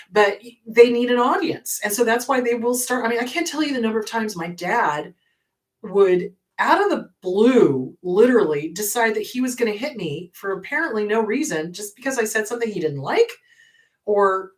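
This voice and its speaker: Woman therapist-host, blunt and emphatic, hammers advice home; mid-pitched, mic a bit off. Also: animated, normal speed, distant mic. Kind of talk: live advice talk answering viewer questions.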